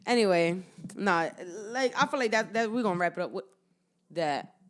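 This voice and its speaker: Bright, lively young woman co-host. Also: mid-range voice, normal speed. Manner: brash, joking, swears freely. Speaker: podcast co-host. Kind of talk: casual chat.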